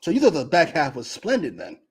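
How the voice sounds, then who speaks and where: A man co-hosting a wrestling review, talking in an exasperated, sarcastic way and often trailing off quietly. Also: fairly high pitch, huge pitch swings, a little fast, breathy edge. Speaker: co-host. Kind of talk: casual podcast banter.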